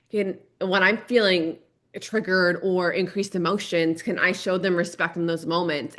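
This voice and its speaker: A woman with a lowish, fairly bright voice hosts a parenting podcast on her own. She's earnest, circles back to her key points, and keeps checking in with "right?"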